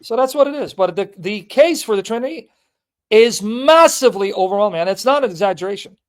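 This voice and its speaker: A man's voice: high voice, animated, fairly quick. A man hosting an apologetics call-in show, blunt and teasing, repeating his points with emphasis. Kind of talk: live call-in debate chat.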